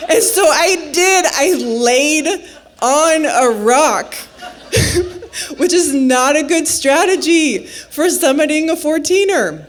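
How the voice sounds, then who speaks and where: A woman's voice: sits high, lively intonation. Storyteller: woman from Nebraska, playful, laughs a lot, takes her time. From Nebraska, USA. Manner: unhurried, playful, laughs often. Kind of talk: live personal storytelling.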